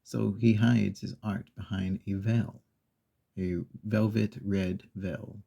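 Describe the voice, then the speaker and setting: A man speaks in a soft, unhurried ASMR style, drifting through a children's story with pauses and little asides. His voice sits low and dark, with plenty of gravelly fry and a breathy, husky grain. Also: flat delivery, lo-fi sound. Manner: slow, meandering retelling with pauses and fillers. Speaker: ASMR channel host.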